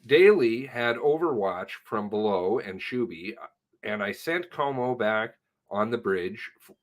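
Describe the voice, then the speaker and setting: A man, a police sergeant, gives a halting, profane retelling of an incident in a recorded statement, correcting himself as he goes. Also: medium pitch.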